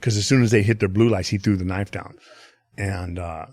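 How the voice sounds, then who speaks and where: A man's voice: low voice, fairly even intonation, brisk, a little mellow, dry recording. A man telling a rambling, profane street story in casual podcast chat, full of fillers. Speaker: podcast guest.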